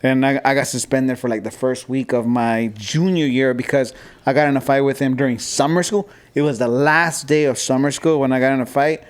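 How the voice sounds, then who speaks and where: A man's voice: mid-range voice, a little fast. A man in his forties from Southern California, telling a story in a casual podcast chat, acting out voices and slipping into Spanish. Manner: animated storyteller, acts out voices and slips into Spanish.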